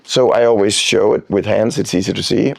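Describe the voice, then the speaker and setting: A man coaching breath technique on a podcast, calm and demonstrative, drawing words out as he explains. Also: lowish voice, fairly quick, gravelly, crowd noise. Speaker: freediving coach, guest. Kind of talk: instructional podcast talk.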